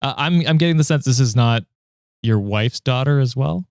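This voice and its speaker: A man's voice: medium pitch, moderate pace, a little mellow, dry recording, studio quality. A man co-hosting a podcast in casual chat, reacting with laughter and frequent swearing. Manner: chatty, laughing, swears freely. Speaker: podcast co-host.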